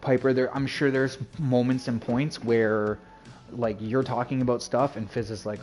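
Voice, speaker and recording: A man's voice: mid-range voice, steady tone, moderate pace, darkish tone, faint music behind. A man chatting casually on his game stream, rambling and full of fillers and restarts. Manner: rambling, filler-heavy, self-interrupting.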